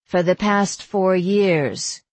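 A woman's voice: lowish voice, drawn-out words, a little mellow, dry recording. A woman voicing a young woman friend in a storybook who gossips and complains in a deflated, chatty way. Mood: gossipy.

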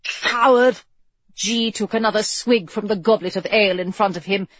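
A woman's voice: medium pitch, fairly even intonation, brisk, no room sound. A woman narrating a storybook in a wry, playful scripted read. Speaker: audiobook narrator. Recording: dull lo-fi, dry.

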